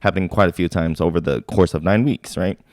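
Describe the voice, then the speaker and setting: A young army veteran from Sacramento, co-hosting a podcast, tells a story in casual chat, animated, swearing freely and acting out shouted drill exchanges. He has a deep voice and talks fairly quickly, recorded at studio quality with no room sound.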